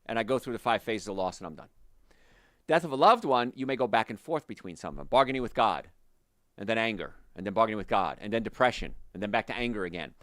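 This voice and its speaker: A man's voice: fairly low pitch, fast, no room sound, studio quality. A man hosting a health show, giving an emphatic, motivational talk straight to his listeners. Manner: emphatic, animated, speaks directly to listeners.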